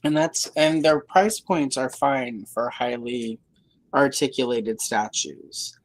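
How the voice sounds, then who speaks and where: A woman's voice: a bass voice, slow pace, dry recording, poor audio. A woman hosting a livestream, chatting casually in a rambling, hedging way with dry sarcasm. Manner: rambling, hedging, full of fillers and self-corrections. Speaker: livestream host.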